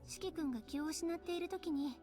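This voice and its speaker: A woman's voice: very high voice, very fast, music in the background. A woman voicing a playful, flirtatious female teacher in visual novel dialogue, with a teasing, sing-song manner. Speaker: teacher character.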